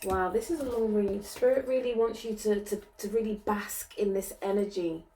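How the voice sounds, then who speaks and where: A woman giving a channeled card reading, gentle and reassuring, often ending her sentences with "okay?" and laughing lightly. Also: medium pitch, normal speed, distant mic, noisy background. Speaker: spiritual card reader.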